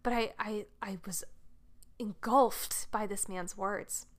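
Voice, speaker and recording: A woman hosts her own podcast and talks straight to her listeners in an easy, earnest way. She tells a personal story at a chatty pace and fills it with frequent "like"s. Her voice sits in a comfortable middle pitch. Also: fairly even intonation, takes it slowly. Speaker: podcast host.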